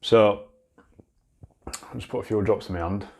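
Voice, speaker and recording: A man's voice: on the low side, fairly even intonation, unhurried, vocal fry, darkish tone. A man with a Yorkshire accent reviewing a beard product in a casual, blunt, chatty way, swearing freely and restarting his sentences. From Yorkshire, England.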